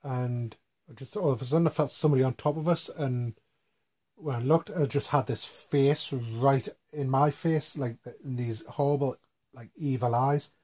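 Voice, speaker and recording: A man talks to his camera from his bed at home. He tells stories in a loose, rambling way, and his voice sits at an ordinary middle pitch. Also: moderate pace. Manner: relaxed, rambling storytelling. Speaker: vlog host. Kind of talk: casual family Q&A chat. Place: home bedroom.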